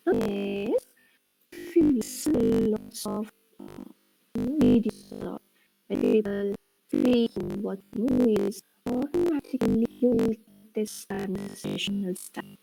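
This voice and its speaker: A female teacher with an Indian English accent gives a classroom lecture on speaking skills, explaining each point, repeating it, and checking in with "right?" and "okay?" while slipping into Hindi and Bengali. Her mid-range voice is mellow and smooth with vocal fry, its pitch swooping wildly as she takes things slowly. The audio is poor, with faint music behind her.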